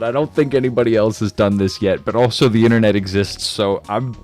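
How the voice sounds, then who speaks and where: A man's voice: on the low side, fairly quick, a little mellow, soft background music. A man streaming a game and chatting casually, laid-back and slangy, joking at his own expense and laughing often.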